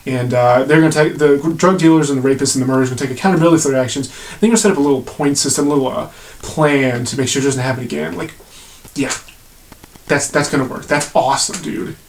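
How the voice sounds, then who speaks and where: A man's voice: mid-range voice, steady tone, fast talker. A man giving blunt, sarcastic commentary to camera, swearing freely as he rants. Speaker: video commentator.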